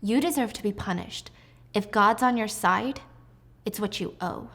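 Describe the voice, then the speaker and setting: A calm, cutting female teacher bent on revenge, read out by a woman, medium pitch, measured delivery, even-tempered menace, storytelling recap. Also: vocal fry. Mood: cold. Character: cold defiant female schoolteacher plotting revenge.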